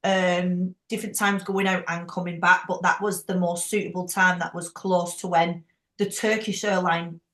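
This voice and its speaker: A woman leading a group call, chatty and frank, quick to laugh. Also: fairly low pitch, little pitch movement, a bit bright, echoey room. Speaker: team leader hosting a group call. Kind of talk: casual chat.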